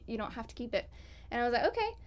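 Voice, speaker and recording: A woman's voice: a little high, level tone, racing. A woman talking as a guest in a casual interview, chatty and rambling, often laughing. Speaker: guest on a gaming podcast.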